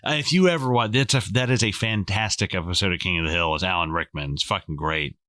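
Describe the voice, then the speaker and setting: A man's voice: low voice, fast, bright, forceful tone, no room sound, studio quality. A man co-hosting a casual film-review podcast, joking and swearing his way through incredulous rants. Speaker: podcast co-host.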